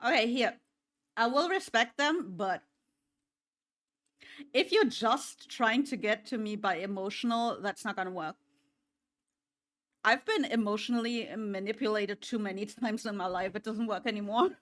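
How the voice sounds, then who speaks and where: A woman's voice: mid-range voice, moderate pace, pauses often, a bit bright. A woman streamer chatting casually with her viewers, swearing freely and laughing often. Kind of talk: casual chat.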